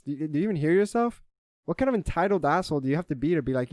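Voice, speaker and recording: A man's voice: on the high side, expressive, rapid-fire, darkish tone, dry recording, clean studio sound. A young man ranting casually about a bad online game, heated and swearing, with lots of restarts. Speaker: vlogger. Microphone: desk microphone.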